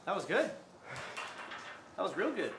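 Loud rep counts and sworn encouragement come from a gravelly, high-pitched man whose voice swings widely while keeping a measured pace. He's coaching a lifter in an echoey gym with faint noise around.

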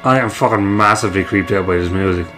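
A man's voice: sits low, fast, sharp tone, faint music behind. A man playing a video game with a friend, bemused and swearing a lot. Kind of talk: casual let's-play commentary.

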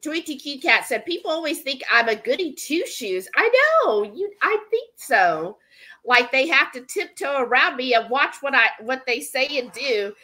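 Bright-voiced woman chatting on a live stream. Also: sits high, big pitch swings, moderate pace. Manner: chatty and rambling, with many fillers. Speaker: livestream cooking host. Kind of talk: casual livestream chat, reading viewer comments aloud. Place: home kitchen.

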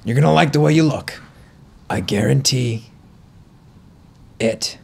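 A man doing an impression of a slow, deep-voiced commercial pitchman who keeps fumbling his line. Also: gravelly, husky. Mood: booming. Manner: slow, booming, confused between takes.

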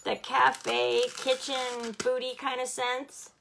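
A cheerful woman hosts a live home demo, talking in a chatty, excitable way. Her voice sits a bit high, bright and gravelly, and it's a little hoarse from hollering. Faint noise hums behind her. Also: takes it slowly. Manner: bubbly, chatty, laughs often. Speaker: home fragrance seller. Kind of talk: live product demo vlog.

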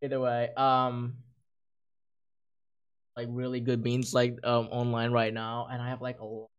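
A man streaming a game, talking casually with many fillers and sudden excited outbursts. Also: clear, resonant tone, highs cut off. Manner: halting, filler-heavy, bursts into high-pitched exclamations. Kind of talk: casual gaming stream chat.

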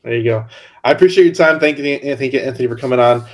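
A man's voice: medium pitch, fast talker. A man hosting a podcast who reacts to his guest with enthusiasm and wraps up the episode. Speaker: podcast host. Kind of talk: casual podcast interview.

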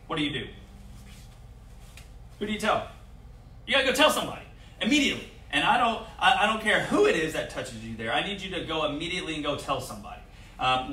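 A young man coaching kids through a safety drill, his voice bright and sharp. He sits a bit high for a man and sounds set back from the mic. The room around him is echoey. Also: distant mic, a little hiss or hum. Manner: energetic coaching, drills children, shouts example phrases. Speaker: martial arts instructor.

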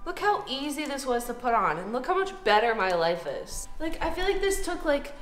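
A woman's voice: high-pitched, sing-song, moderate pace. A woman in her thirties hosting a casual comedic vlog, playful and silly, with lots of "like" fillers. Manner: playful, silly, says "like" a lot. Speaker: vlogger host. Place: home room. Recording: echoey room, faint music.

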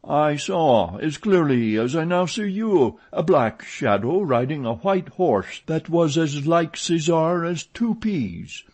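Man as a blunt, dry-spoken head groom; slow and measured, a bit husky. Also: on the high side, pitched above the performer's own voice. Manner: flat, dry, measured delivery.

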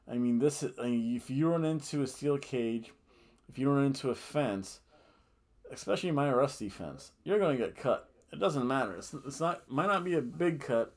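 A man talks through a wrestling show in a loose, rambling podcast chat. He gets animated and jokey, laughing at his own asides and booing in mock outrage. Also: medium pitch, normal speed. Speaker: podcast host. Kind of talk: casual wrestling review chat.

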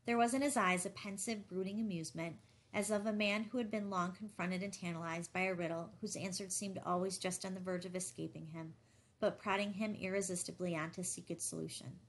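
A woman reading a novel aloud as an audiobook narrator, measured and even. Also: lowish voice. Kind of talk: scripted narration.

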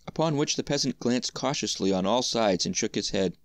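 A man reading a fairy tale aloud as storyteller, in a measured, even manner. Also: medium pitch, no room sound, clean studio sound.

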